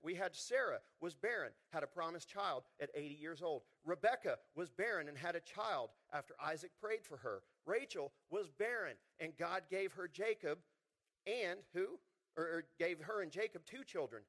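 High-voiced animated male preacher. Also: moderate pace. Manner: animated, acts out quotes in voices. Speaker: pastor. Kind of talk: sermon.

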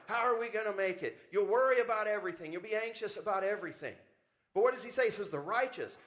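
A man serving as pastor preaches in a voice that sits high and sounds a bit bright. His delivery swells with rising emphasis and frequent rhetorical questions aimed at the congregation, all heard through a church service audio recording.

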